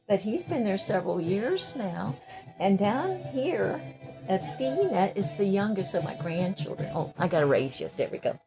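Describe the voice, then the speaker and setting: An older woman casually telling personal stories in a rambling way, laughing often and restarting her sentences. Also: mid-range voice. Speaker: storyteller sharing memories.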